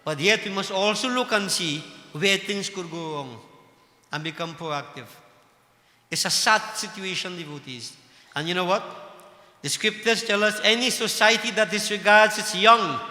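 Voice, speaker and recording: A man's voice: high-pitched, normal speed, bright, forceful tone. A man preaching a sermon to devotees, scolding and impassioned, full of rhetorical questions. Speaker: religious leader addressing devotees. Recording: echoey hall with long reverb.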